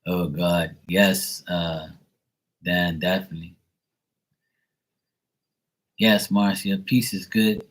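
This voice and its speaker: Speaking slowly with long pauses, a low-pitched man chats casually on his tarot live stream, rambling, cursing, and filling gaps with fillers. His intonation is fairly even, and the recording is rough.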